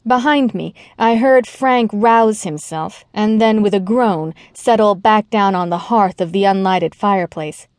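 Brief: woman audiobook narrator, wry dry-humored delivery, medium pitch, close dry studio sound. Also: measured pace, few pauses, no echo. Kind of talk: first-person mystery audiobook narration.

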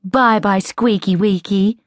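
A woman's voice: medium pitch, steady tone, slow, no room sound, studio quality, natural voice. A woman voicing a firm, motherly grown-up koala in a children's audiobook. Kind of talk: audiobook character voice.

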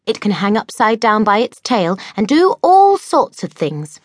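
A woman's voice: mid-range voice, big pitch swings, unhurried, no room sound, voice pushed up. A woman voicing a cheerful, carefree young schoolgirl witch who talks in an airy, breezy way.

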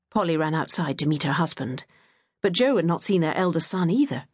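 A woman reading an audiobook in a gentle, measured storytelling manner. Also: low voice, animated, slightly rough, no echo, studio quality. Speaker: audiobook narrator. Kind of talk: scripted narration.

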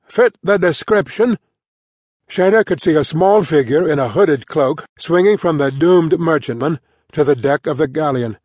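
A male audiobook narrator with a voice a little higher than most men's, reading in even, measured storytelling. He is recorded close in a dry studio booth. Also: husky, no echo. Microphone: close studio mic.

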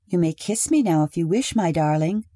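A woman's voice: lowish voice, expressive, moderate pace, mellow, dry recording, clean studio sound. A woman voicing a young wife who speaks in a breathless, rising, pleading way. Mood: tender. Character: young newly married woman, eager then hurt.

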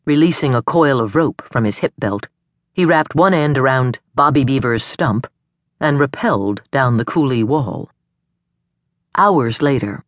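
A woman narrating a suspense audiobook in a measured, expressive storytelling manner, recorded on a studio microphone. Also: rumbling low, no echo.

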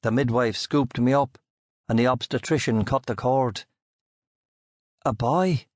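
A man giving measured, scripted audiobook narration into a close studio mic. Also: medium pitch, steady tone, a little mellow, no room sound.

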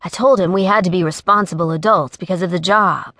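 A woman's voice: fairly low pitch, a little fast, a bit bright, no room sound, clean studio sound. A woman voicing a good-natured young man who sounds a little weary and wry in an audiobook.

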